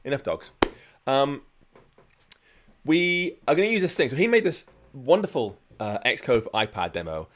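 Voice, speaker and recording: Male coding instructor, mid-pitched, relaxed chatty walkthrough of a live session. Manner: chatty, explains each step while working. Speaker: programming instructor. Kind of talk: live-streamed coding tutorial.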